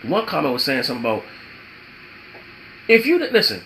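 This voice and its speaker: A man with a bright, forceful voice delivers relationship advice like a sermon. He repeats himself for emphasis and drifts into spiritual asides. A faint hiss sits under his voice. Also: on the high side, huge pitch swings, moderate pace, pauses often, rough recording. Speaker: vlogger giving relationship advice. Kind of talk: preachy motivational talk.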